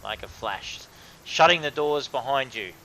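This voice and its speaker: A man narrating as game master of a tabletop game, with many pauses and fillers. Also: mid-range voice, expressive, sharp tone, low-quality recording. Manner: hesitant, filler-heavy narration.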